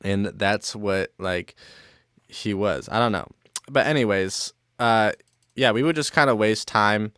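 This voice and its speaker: Low-voiced young man rambling casually. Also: a little slow, a bit bright, clear, resonant tone, dry recording, clean studio sound. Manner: rambling, filler-heavy with constant "like" and swearing. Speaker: storyteller. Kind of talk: casual storytime.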